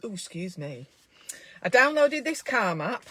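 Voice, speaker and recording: A woman's voice: mid-range voice, very animated, a little slow, a bit bright, slightly rough, no room sound. A woman who is a midwife, talking casually to camera in a self-care vlog, chatty and encouraging as she thinks aloud from a small room at home.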